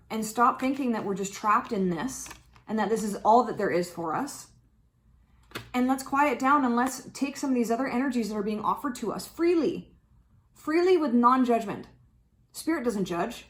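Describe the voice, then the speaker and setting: A woman with a slightly high voice hosts a tarot channel and talks straight to her viewers. Her speech is casual and blunt, with swearing. She keeps slipping into quick little impressions of her own thoughts. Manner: frank, swearing, animated, acts out inner voices. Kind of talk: casual spiritual talk to camera.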